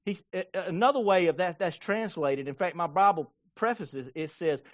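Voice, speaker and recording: A male pastor delivers a lively sermon in a fairly high voice, slipping into playful voices to act out little scenes. The sound is dry and close, with a slightly dull, muffled tone. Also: normal speed, dry recording. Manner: animated, acts out scenes with playful voices and laughter.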